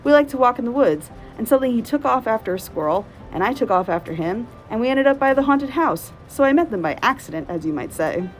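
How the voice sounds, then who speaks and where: A woman's voice: fairly high pitch, lively intonation, fast talker, hardly any pauses, soft background music, voice pushed up, lightly acted, rough recording. A woman voicing a precocious little boy in a storybook read-aloud, speaking in a matter-of-fact, knowing way. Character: bright, precocious little boy, calm and sure.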